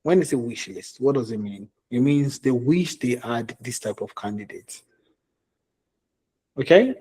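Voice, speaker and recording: A man's voice: medium pitch, animated, measured pace, dark tone, breathy edge. A man with a Nigerian accent coaching job seekers in a conversational way, repeating his points and checking in with "okay?". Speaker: career coach. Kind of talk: live online coaching session.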